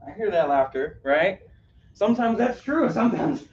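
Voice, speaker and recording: Here a man's voice sits high and sounds expressive and somewhat dark, moving at a moderate speed over faint hiss or hum. On a cruise ship, he leads a caregiving workshop live, quizzing the room and often tossing in "right?". The recording is dull, distant and roomy.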